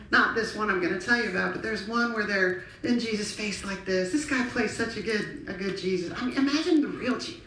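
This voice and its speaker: Passionate woman preacher, animated storytelling, recorded from afar with faint background noise. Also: mid-range voice. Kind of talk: sermon. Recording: echoey hall from far off.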